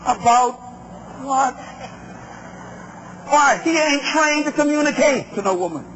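Emphatic preacher, male, very high pitch, muffled recording with noise. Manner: emphatic, call-and-response with the crowd. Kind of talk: sermon on relationships.

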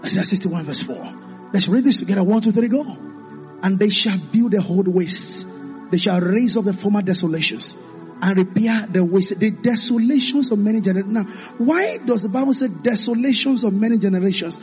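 A man preaching a sermon, calling out to the congregation and rising into impassioned shouts. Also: high-pitched, fairly quick, soft background music.

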